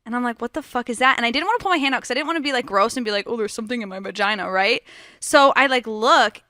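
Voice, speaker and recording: A woman's voice: on the high side, racing, pushed and bright, no room sound, studio quality. A young woman telling a candid personal story in casual chat, laughing often and filling her talk with "like" and "dude". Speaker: guest.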